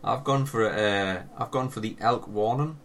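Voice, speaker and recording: Young man, low-pitched, casual podcast chat, faint hiss behind. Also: normal speed. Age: young adult. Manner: laid-back banter, swears, trails off with fillers. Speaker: podcast co-host.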